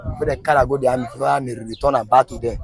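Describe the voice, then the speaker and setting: A man with a Nigerian Pidgin accent, an eyewitness giving halting, repetitive testimony. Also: medium pitch, fairly even intonation, gravelly, crowd noise. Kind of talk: interview testimony.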